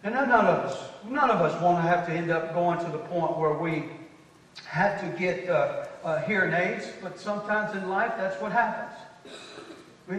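High-voiced pastor preaching in echoey hall. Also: male voice, distant mic. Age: 50s. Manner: swings between loud declarations and quiet conversational asides. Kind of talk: sermon.

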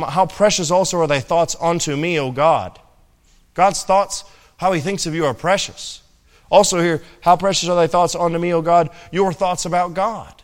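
A man's voice: on the high side, in a large hall. A man preaching a sermon in a church, talking with the congregation through rhetorical questions and asides. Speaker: pastor.

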